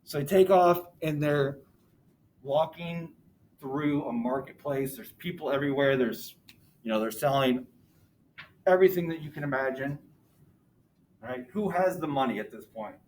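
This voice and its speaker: A man's voice: fairly high pitch, normal speed, pauses often, darkish tone, a little hiss or hum, poor audio. A male teacher in a classroom, casually retelling a story and asking his students questions as he goes. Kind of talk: classroom lesson retelling a novel.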